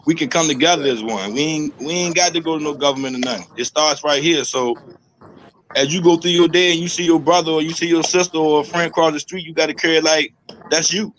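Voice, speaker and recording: A man's voice: on the high side, fast talker, a bit bright, slight background noise, rough recording. A man speaking as a guest in a panel talk, earnest and motivational.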